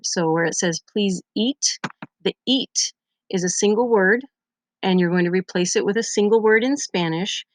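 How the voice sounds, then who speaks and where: A woman's voice: mid-range voice, no room sound. A Spanish teacher, a young woman, patiently explaining grammar step by step over her slides in a recorded lesson. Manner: patient, methodical explaining with examples.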